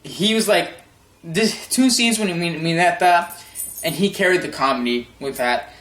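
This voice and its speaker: A young man chats loosely about a comic chapter, his voice sitting a little high. He rambles with lots of fillers and laughs. The room around him rings with echo. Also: moderate pace. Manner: excited and rambling, laughs often, many fillers and restarts. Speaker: manga review vlogger. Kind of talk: casual spoken review.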